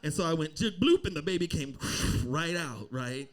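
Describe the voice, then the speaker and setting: A man's voice: on the high side, moderate pace. A young adult man performing a standup comedy set on a club stage, telling a story and acting out the people in it. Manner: animated storytelling, acting out voices.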